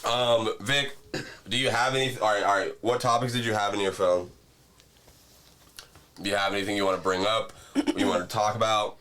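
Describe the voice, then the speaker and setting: A man's voice: lowish voice, fairly even intonation, normal speed, sharp tone. Male podcast host, slangy and teasing, casual chat. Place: home studio.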